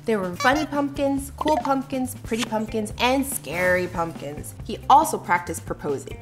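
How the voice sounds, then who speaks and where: A woman reading a children's story aloud in a playful, animated way, acting out sounds. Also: a little high, moderate pace. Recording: music under the voice.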